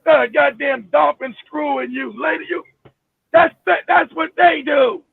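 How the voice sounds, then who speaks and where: A man with a very high, gravelly voice rants heatedly at his live-stream audience, swearing freely and breaking into shouts. The sound is narrow and phone-like, dry and close, with no room around it. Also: unhurried, no room sound. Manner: emphatic, profane, bursts into shouting; repeats himself, many restarts. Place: home in Florida.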